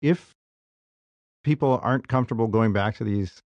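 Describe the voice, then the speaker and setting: A man's voice: on the low side, moderate pace, darkish tone, no echo, lo-fi sound. A man co-hosting a casual talk show, probing and pushing back with questions. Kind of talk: casual debate.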